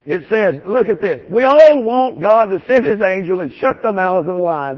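This preacher's sermon is folksy and emphatic, hammering points through repetition at a normal speed with hardly any pauses. His expressive voice runs high for a man, and the dull, dry recording carries no room sound.

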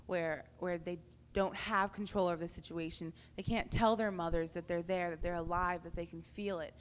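A young woman on a youth panel giving halting testimony with many fillers and restarts. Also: on the low side, fairly even intonation. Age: young adult. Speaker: panel speaker. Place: large hall at a youth camp. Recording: echoey hall, faint background noise.

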